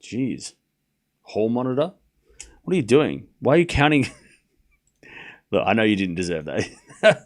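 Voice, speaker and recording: Guy doing live tennis watchalong commentary, jumpy and teasing, voice keeps shooting up loud when he gets worked up. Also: measured pace, pauses often. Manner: excitable, jumps up in pitch and volume, chats with viewers; teasing, laughs often. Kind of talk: casual live-stream commentary.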